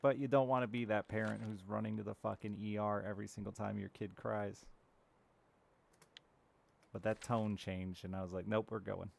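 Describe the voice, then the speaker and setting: A man's voice: on the low side, flat delivery, moderate pace, creaky, pauses often, darkish tone. A man in his thirties chatting casually and candidly with viewers while streaming a game, swearing now and then. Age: 30s. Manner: chats with live viewers. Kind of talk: casual chat while gaming.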